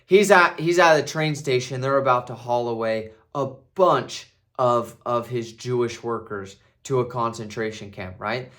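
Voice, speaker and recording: A man's voice: medium pitch, measured pace, hardly any pauses, a bit bright. A man talking casually as a movie reviewer, restarting phrases and tagging his points with "right?". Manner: conversational, repeats himself, tags "right?". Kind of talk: casual video commentary.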